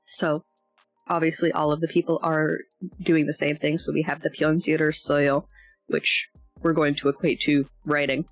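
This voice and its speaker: A woman's voice: sits low, little pitch movement, a little fast, no room sound. Tired rambly woman chatting thru a lesson, dry close sound, faint music under. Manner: rambling, hesitant, self-deprecating. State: yawning, tired. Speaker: language learner streamer. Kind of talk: casual lesson walkthrough.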